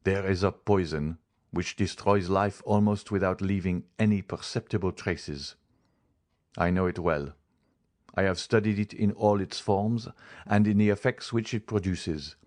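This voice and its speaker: A man voicing a grave male doctor in a storybook, speaking in a measured, solemn way. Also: deep voice, a little mellow.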